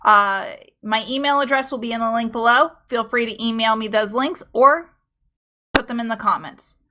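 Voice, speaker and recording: A woman's voice: fairly high pitch, moderate pace, bright, forceful tone. A woman co-hosting a casual chat about online stories, giggling often as she talks. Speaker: co-host reading stories.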